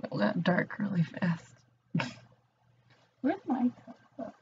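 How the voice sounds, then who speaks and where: A woman's voice: mid-range voice, big pitch swings, slow pace, a little mellow, slightly rough. Teasing young woman, off-mic. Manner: teasing, dry. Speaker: friend in the room. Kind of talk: casual banter. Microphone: off-mic, no headset. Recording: dull off-mic audio with faint noise.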